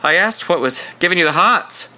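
A man's voice: high voice, expressive, normal speed, pitched above the performer's own voice, heavily acted. A man voicing a cocky young hitchhiker. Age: 20s. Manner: warm, friendly and overly sure of himself.

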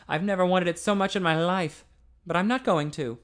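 A man voicing an intense, earnest young man. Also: brisk. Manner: urgent, pleading, higher and louder than the narration.

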